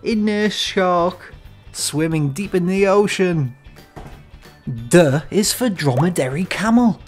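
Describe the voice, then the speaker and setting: A woman teaching animal names to young children in a slow, sing-song way, inviting them to repeat each word. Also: fairly low pitch, lively intonation, a little mellow, faint music behind. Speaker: children's educational host.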